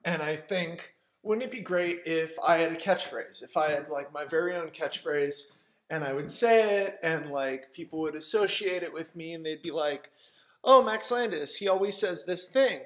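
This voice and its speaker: A man's voice: on the high side, normal speed. A man casually telling a funny story to camera, rambling with many fillers and often laughing. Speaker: vlogger.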